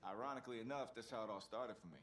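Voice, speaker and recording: A man's voice: mid-range voice, rapid-fire, fairly bright tone, close to an everyday voice. An actor voicing a modest, easygoing young male football player in a game cutscene. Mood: friendly.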